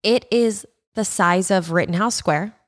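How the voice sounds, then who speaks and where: A woman's voice: mid-range voice, a little slow. A young woman co-hosting a podcast. She tells a travel story in casual chat, swears freely and acts out the people she quotes. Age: young adult. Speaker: podcast co-host.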